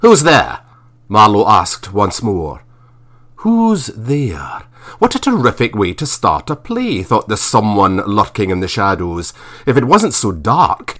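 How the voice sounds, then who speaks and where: Man narrating with a lively voice. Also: fairly low pitch. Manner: dry, wry storytelling. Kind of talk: audiobook narration.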